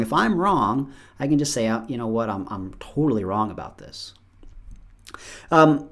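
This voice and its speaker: A man's voice: medium pitch, a little mellow. A middle-aged man hosting his show, talking casually and alone, acting out bits of dialogue with playful voices. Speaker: show host. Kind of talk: casual solo monologue.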